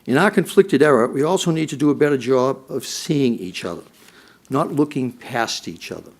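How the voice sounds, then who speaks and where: A man's voice: medium pitch, expressive, moderate pace. A middle-aged man, a former police chief, giving a prepared speech at a policy forum and repeating his points for emphasis.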